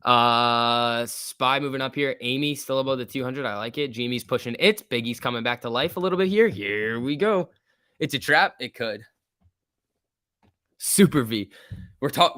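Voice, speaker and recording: A man's voice: mid-range voice, moderate pace, pushed and bright. A man hosts a live stock trading stream, commenting casually on price moves and reading viewer questions aloud. His talk is loose and full of fillers like "like" and "um". The sound is dry, with no room echo. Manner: loose and chatty, with many fillers like "like" and "um"; reads viewer questions aloud and answers them. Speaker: stock trading livestream host. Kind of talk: casual live market commentary, answering chat.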